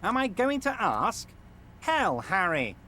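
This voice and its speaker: An actor playing a smug, smooth-talking middle-aged union boss in a video game, patronizing and falsely soothing. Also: male voice, sits high, wildly swooping pitch, takes it slowly, pushed and bright, exaggerated voice. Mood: pompous.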